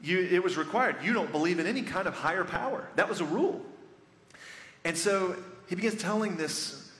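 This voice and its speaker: A man preaching a sermon as pastor, telling the story with animated excitement, in a church sanctuary. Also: high voice, brisk. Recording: echoey church hall with reverb, faint ambience.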